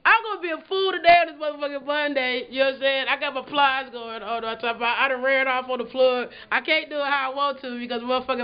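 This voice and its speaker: Loud, profane woman vlogger. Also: high-pitched, clear, resonant tone, muffled recording. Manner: profane, boisterous, rambling. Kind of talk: casual vlog chat.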